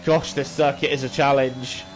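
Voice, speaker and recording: A man's voice: medium pitch, level tone, normal speed, a little hiss or hum. A man talking to himself while playing a racing game, self-critical with exasperated outbursts. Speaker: gaming channel host. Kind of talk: casual gameplay commentary. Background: faint game music.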